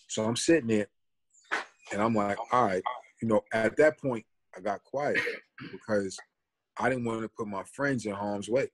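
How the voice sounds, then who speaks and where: A male podcast co-host with a medium-pitched voice talks at a moderate pace. In a casual conversation, he earnestly tells a story, reflects on it, and builds an argument.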